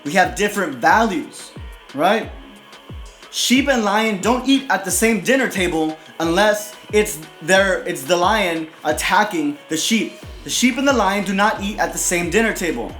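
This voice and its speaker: A motivational video host gives a casual monologue in a high, animated, fairly bright voice, speaking a little slowly. Blunt, aggressive, and profane, he tacks "right?" onto nearly every sentence. The room echoes, with music playing behind him.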